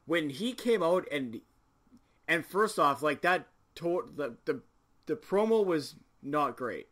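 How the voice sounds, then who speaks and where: A man's voice: fairly high pitch, animated, slow pace, a bit bright. A man from Canada hosting a casual wrestling podcast, ranting with exasperation and frequent swearing. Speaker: podcast host. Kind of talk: casual chat.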